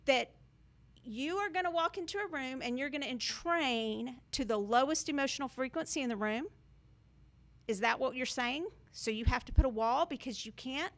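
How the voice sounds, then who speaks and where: A woman's voice: high-pitched, lively intonation, normal speed, fairly bright tone. A woman hosting a spiritual talk to camera, emphatic and sarcastic, slipping into mocking quotes. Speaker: spiritual video host.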